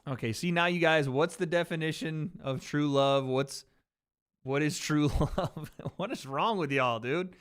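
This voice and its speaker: A man's voice: fairly high pitch, unhurried, fairly bright tone, clean tone. A man hosting a livestream watch party, riffing on chat in blunt, profane casual commentary. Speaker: livestream host.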